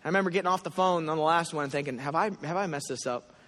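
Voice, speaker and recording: A man preaching a sermon in a church, telling a story with animated asides and acted prayers. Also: fairly high pitch, fast talker. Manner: animated storytelling, voicing his own prayers. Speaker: pastor. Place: church hall. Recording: long hall reverb.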